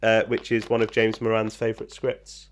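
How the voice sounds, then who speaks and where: A man's voice: lowish voice, monotone, normal speed. A man co-hosting a podcast, reading out trivia in a casual, joking way with plenty of ums. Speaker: podcast co-host. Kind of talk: casual chat.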